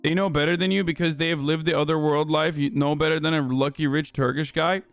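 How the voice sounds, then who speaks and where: A man's voice: fairly high pitch, fairly even intonation, fast talker, clear, resonant tone, dry recording, soft background music. A man hosting a livestream, giving heated, profane commentary with lots of fillers. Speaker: livestream host.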